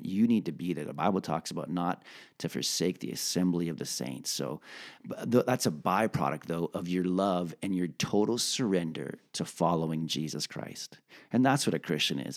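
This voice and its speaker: A man who is a pastor, talking earnestly and emphatically in a faith podcast chat, repeating points for stress. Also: low voice.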